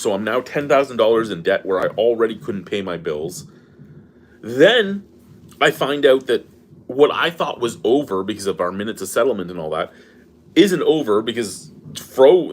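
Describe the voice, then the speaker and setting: A man's voice: mid-range voice, a little hiss or hum. Swearing, exasperated middle-aged man venting. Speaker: beer review vlogger. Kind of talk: angry personal rant.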